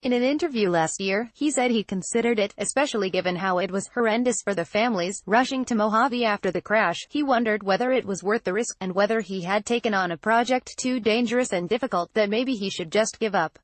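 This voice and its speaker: With a typical mid-range pitch, a female news reader works through an article in a calm, measured tone, quotes included without any change of voice. The recording is dry and close, free of room sound.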